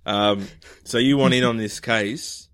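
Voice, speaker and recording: A man's voice: mid-range voice, steady tone, unhurried, a bit bright, no room sound, studio quality. A man casually planning an improv comedy scene with friends, laughing often as he sets it up. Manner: laughs often, plays the police chief. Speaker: improv player.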